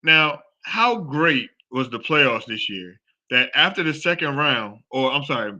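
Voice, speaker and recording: Excited sports host with a bright voice. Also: male voice, mid-range voice, unhurried, dull audio. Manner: excited, rambling, repeats himself. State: out of breath. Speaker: show host. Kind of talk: casual live sports talk.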